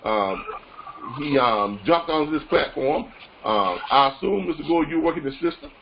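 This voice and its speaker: A man's voice: on the high side, moderate pace, creaky, a little hiss or hum. Upbeat coaching man on a muffled call. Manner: repetitive, coaching, animated retelling. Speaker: freight broker trainer. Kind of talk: motivational training call.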